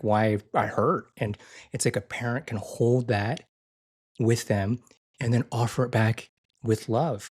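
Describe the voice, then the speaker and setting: A man talking as a podcast guest in an earnest, conversational way, often repeating and restarting phrases, and his voice lifts higher and softer when he quotes tender words. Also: husky. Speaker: guest, physician and IFS therapist.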